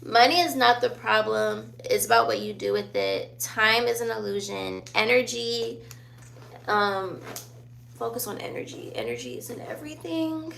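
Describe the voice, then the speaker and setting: Youthful, gravelly-voiced woman chatting slowly. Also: a little high, sing-song, fairly bright tone, slight background noise. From born in Virginia, raised in Sicily and Germany. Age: 20s. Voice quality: youthful-sounding voice. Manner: laid-back, chatty, laughs often. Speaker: vlogger answering viewer questions. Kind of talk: casual chat.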